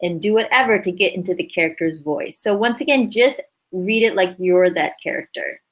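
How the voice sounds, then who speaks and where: A woman's voice: fairly low pitch, moderate pace, rough recording. A woman leading a writing workshop in a chatty, upbeat way, laughing easily as she explains. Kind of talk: casual teaching chat.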